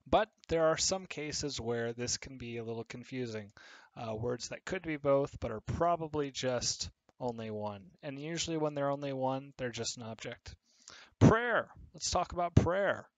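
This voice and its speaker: A man teaching an English lesson to children, explaining patiently step by step with pauses and fillers. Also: medium pitch, dry recording, muffled recording. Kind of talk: recorded online English lesson.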